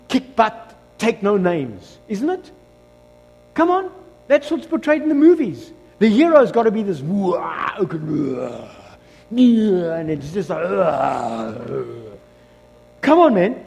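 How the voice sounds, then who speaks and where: A man with a South African accent preaching a sermon as pastor, switching between loud exclamations and quiet asides. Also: high-pitched, husky, long reverb tail. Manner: animated preaching, shifts between shouting and hushed asides.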